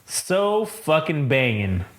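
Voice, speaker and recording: A young man co-hosting a comic book podcast, talking casually and excitedly, swearing a lot and acting out the lines. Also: fairly high pitch, takes it slowly. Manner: profane, excitable, acts out quotes. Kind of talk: casual comic review chat.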